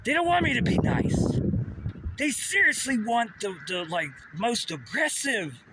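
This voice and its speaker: A man's voice: very high-pitched, sing-song, measured pace, pushed and bright. A man delivering a rambling, profane monologue full of pseudo-technical talk, recorded outdoors near a busy road. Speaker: vlogger. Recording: outdoor traffic noise.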